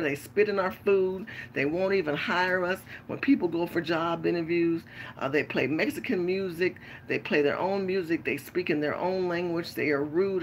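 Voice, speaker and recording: A woman's voice: on the low side, slight background noise. A tired woman hosting a late-night livestream rant, talking bluntly with lots of profanity. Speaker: livestream host and pastor.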